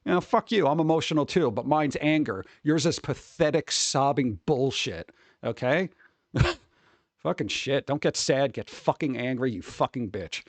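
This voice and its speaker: A swearing, exasperated man rants on a casual livestream, sneering at the people he reads about and tossing off quick mocking impressions. His voice sits at an ordinary middle pitch, and the sound is close and dry with no room around it. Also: lively intonation, dry recording. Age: adult who worked at a record store. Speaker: streamer reacting to advice posts.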